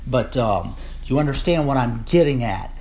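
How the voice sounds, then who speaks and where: A man from the United States delivering a political rant on his vlog, rambling with many fillers and restarts and rising into indignant shouting. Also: medium pitch, lively intonation, normal speed. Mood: measured. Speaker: political commentator.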